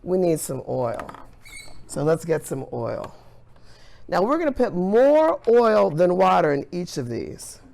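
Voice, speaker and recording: An enthusiastic woman science teacher talks through a colorful hands-on demonstration. Her voice swings widely in pitch, and she speaks slowly with a gravelly edge. She keeps her tone cheerful and encouraging throughout. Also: big pitch swings, a little mellow.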